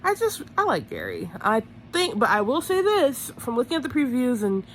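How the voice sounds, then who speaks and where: Chatty, lively-voiced woman recapping TV. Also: on the high side, moderate pace, a little hiss or hum. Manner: chatty, gossipy, many "like"s, self-correcting. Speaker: reality TV recap vlogger. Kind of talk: casual TV episode recap.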